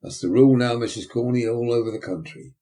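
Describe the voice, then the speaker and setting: A man's voice: mid-range voice, fast talker, warm tone, lightly acted. A man voicing a pompous, self-important male parish beadle, blustering and indignant.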